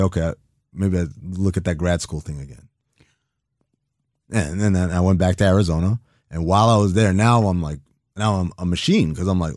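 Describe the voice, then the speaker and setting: A man in his thirties telling a long story in a casual, animated way, acting out the people he quotes and swearing now and then. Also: sits low, no echo, clean studio sound. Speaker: guest.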